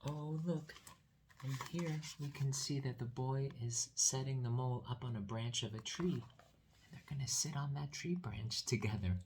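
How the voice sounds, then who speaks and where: A man, a teacher, reading a picture book aloud to children in a gentle, coaxing way with soft whispered asides. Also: medium pitch, normal speed, noisy background.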